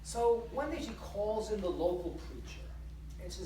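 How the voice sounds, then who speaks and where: A woman's voice: mid-range voice, expressive, moderate pace, warm tone, a little hiss or hum. A woman rabbi giving a humorous spiritual talk to a live audience, telling a story and asking rhetorical questions. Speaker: rabbi speaker. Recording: roomy hall, distant mic.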